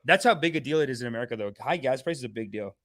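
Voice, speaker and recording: A man's voice: medium pitch, animated, very fast, fairly bright tone. Sarcastic, preachy man ranting. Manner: sarcastic, preachy, mock-guru. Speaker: comedic channel host. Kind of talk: comedic satirical rant.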